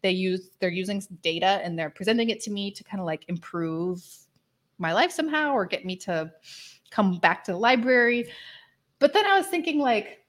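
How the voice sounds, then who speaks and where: Woman, podcast chat, mid pitch, enthusiastic, rambling, lots of "like" fillers. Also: animated, moderate pace. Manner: chatty and enthusiastic, heavy use of "like" fillers, laughs often. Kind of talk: casual chat.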